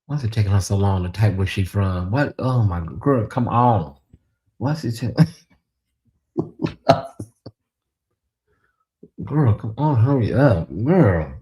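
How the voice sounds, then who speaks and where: A man's voice: fairly low pitch, expressive, slow, long pauses, dark tone. A man hosting a casual late-night livestream in a chatty, drawling way, reading viewer comments aloud and talking to the audience as "y'all". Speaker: livestream host.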